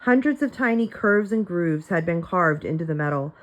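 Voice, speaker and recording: A woman's voice: on the low side, animated, normal speed, low-quality recording. Woman reading a children's novel aloud. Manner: plain storytelling with light character voices and small slips. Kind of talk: reading a chapter book aloud for students.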